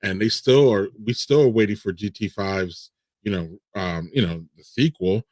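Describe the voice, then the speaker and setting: A man's voice: on the low side, normal speed, a little mellow, no echo. A man co-hosting a podcast in casual chat, easygoing and full of ums and "right"s. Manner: easygoing, filler-heavy. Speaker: podcast co-host.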